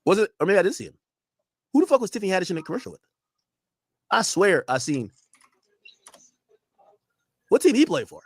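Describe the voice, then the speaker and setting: Fast, lively young male streamer. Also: high voice, slightly rough, no room sound, studio quality. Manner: animated, profane, rambling banter with chat. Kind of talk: casual live-stream reaction.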